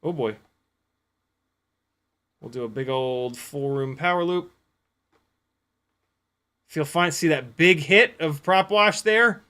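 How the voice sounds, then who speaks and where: A man live-streaming indoor drone flights, commenting excitedly and answering chat questions, exclaiming and swearing at crashes. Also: fairly high pitch, slow, pauses often. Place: house, indoors.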